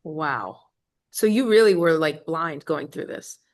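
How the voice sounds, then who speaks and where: A woman's voice: low voice, animated, unhurried. A woman interviewing a filmmaker, reacting briefly and asking follow-up questions. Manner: reacts with short affirmations, asks follow-ups. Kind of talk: interview conversation.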